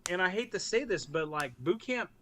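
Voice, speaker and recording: A man's voice: high-pitched, lively intonation, a little fast, fairly bright tone. A man, a military veteran, telling war stories as a podcast guest in a blunt, profane way. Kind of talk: casual podcast interview.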